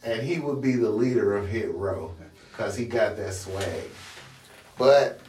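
A man's voice: fairly low pitch, measured pace, darkish tone, recorded from a distance, soft background music. A man co-hosting a podcast, chatting casually about wrestling in a slangy, laid-back way. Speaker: podcast co-host. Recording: echoey room, voice from off-mic.

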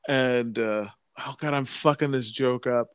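Man, podcast co-host, smooth clear voice, dry close sound. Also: mid-range voice, steady tone, a little slow, no room sound. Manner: laughs often, swears at himself. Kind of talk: casual chat.

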